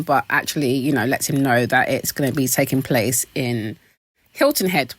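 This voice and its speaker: A British woman hosting a casual, gossipy recap of a reality show, animated and quick to laugh. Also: slightly rough, no echo. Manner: animated, laughing, expressive pitch jumps.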